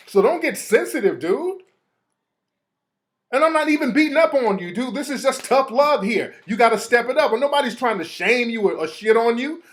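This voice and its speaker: A man hosting his own show, talking off the cuff in a heated, profane rant. His pitch jumps around a lot as he reacts to the messages he reads out. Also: a bit bright. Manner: profane, heated, reading texts aloud. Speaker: show host. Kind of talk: casual live rant.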